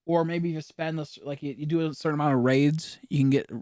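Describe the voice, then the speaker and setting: A man's voice: a little high, fairly even intonation, fairly quick, mellow, no echo, clean studio sound. A young man chatting casually while streaming a game, rambling with mumbled asides and lots of fillers. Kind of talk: casual live-stream chat while gaming.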